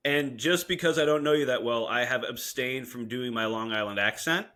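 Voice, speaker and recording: Bright-voiced laid-back male podcast host. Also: medium pitch, moderate pace. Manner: laid-back, swears, laughs easily. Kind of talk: casual chat.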